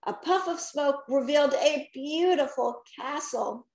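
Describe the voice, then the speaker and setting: A woman, a children's book author, reading a storybook aloud and gently asking the children questions. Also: sits high, unhurried.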